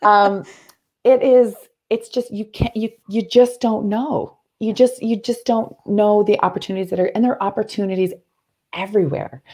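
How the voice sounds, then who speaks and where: A Canadian woman in her thirties, a guest telling stories in an earnest, animated way, often restarting her sentences. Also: mid-range voice, normal speed. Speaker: interview guest, athlete and speaker. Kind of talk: conversational interview.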